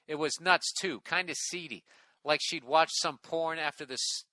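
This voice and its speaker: A man's voice: a little high, moderate pace, pushed and bright, no echo. A middle-aged man hosting a casual comedy podcast, reading a listener email aloud with sarcastic, profane commentary.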